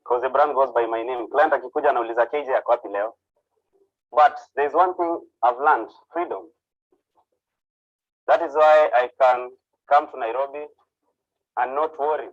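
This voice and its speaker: A man's voice: mid-range voice, normal speed, pauses often, dry recording, highs cut off. A man with a Kenyan accent, a hairstylist, telling his story in a casual speech and slipping in Swahili phrases. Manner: casual, mixing in Swahili phrases, with filler uhs. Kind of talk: personal testimony speech.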